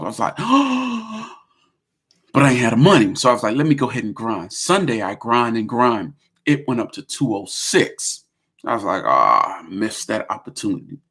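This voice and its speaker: A man with a gravelly voice tells his story in a relaxed vlog chat. He talks with lively slang and animated turns. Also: mid-range voice. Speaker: vlogger. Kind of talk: casual vlog talk.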